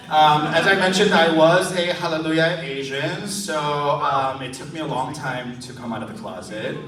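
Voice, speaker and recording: A man's voice: on the high side, measured pace. A man performing a live stand-up set, telling self-deprecating stories and laughing between lines. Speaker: stand-up comedian. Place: comedy club stage. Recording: roomy, distant live club recording. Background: audience laughter.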